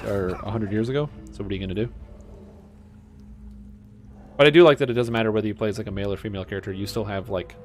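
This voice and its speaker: A young man streaming a game, chatting casually with amused, excitable bursts. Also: lowish voice. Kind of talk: casual gameplay commentary.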